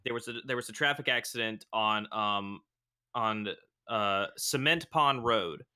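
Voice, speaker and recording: A man's voice: on the low side, fairly even intonation, moderate pace, pushed and bright, smooth. A man from rural North Carolina chatting casually as a stream guest, rambling with many restarts. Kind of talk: casual chat.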